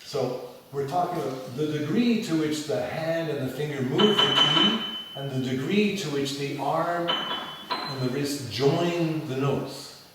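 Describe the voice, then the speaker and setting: A man teaching piano in a lecture and demo lesson before an audience, talking in an animated way and singing phrases as da da da. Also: a little high, a little slow, very noisy. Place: large echoey hall with an audience. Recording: echoey hall from far off. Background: piano playing.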